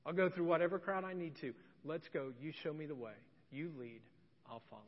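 A man voicing a gentle, compassionate figure in a sermon, dropping to a low, hushed tone. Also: sing-song, normal speed, creaky, slightly rough, exaggerated voice. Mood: tender. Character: gentle, compassionate grown man speaking softly. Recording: dull recording with long church reverb.

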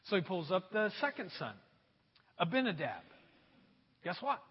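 Husky high-voiced pastor preaching in a hall. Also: male voice, moderate pace. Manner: animated storytelling, talks to the congregation. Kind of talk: sermon. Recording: dull sound, long hall reverb.

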